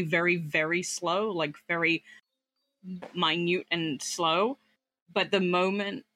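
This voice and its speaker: A man's voice: high voice, bright, forceful tone, low-quality recording. A man narrating his character's actions in a tabletop role-play game, rambling and hesitant with many fillers. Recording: faint background noise.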